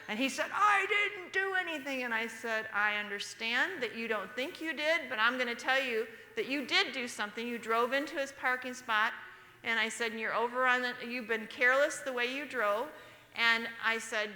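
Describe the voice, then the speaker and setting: A bright, clear-toned woman delivers a sermon and slows down to read verses aloud. The livestream picks her up in a church hall with a long, roomy echo. She keeps checking that the congregation follows along. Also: fairly high pitch. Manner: storytelling, calls for congregation response, reads verses aloud slowly. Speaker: speaker at a church service. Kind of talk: sermon with a personal story. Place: church sanctuary.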